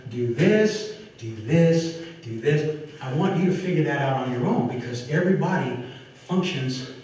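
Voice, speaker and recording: A man teaching a martial arts seminar, animated, talking while he demonstrates moves. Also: fairly high pitch, slight background noise. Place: large echoey training hall. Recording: echoey hall recorded from far off.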